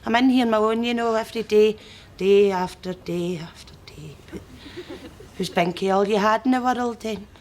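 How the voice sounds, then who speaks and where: A woman's voice: mid-range voice, moderate pace, darkish tone, lightly acted. A performer with a Scottish accent playing a lonely, overeager female shopkeeper who pushes herself on a customer. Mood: clingy. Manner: overeager, pushy, needy.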